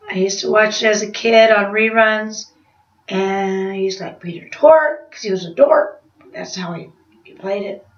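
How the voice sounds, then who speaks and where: Chatty woman rambling through a confession, bit high, dull far-off mic in a roomy space. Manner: rambling, chatty, laughs at herself. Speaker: vlogger. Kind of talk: confessional storytelling. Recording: roomy, distant, slightly dull sound.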